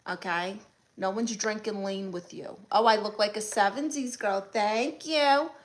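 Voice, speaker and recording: A woman's voice: mid-range voice, a little slow. A woman with a Brooklyn accent, hosting a live stream and answering chat comments one by one with sassy, blunt comebacks. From Brooklyn, New York.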